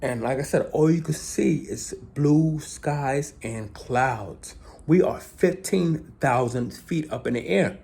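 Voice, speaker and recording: A man's voice: fairly high pitch, slow, vocal fry. A man vlogging a casual storytelling monologue. He retells events dramatically and keeps asking "right?". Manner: animated, repeats "right?" often, dramatic retelling.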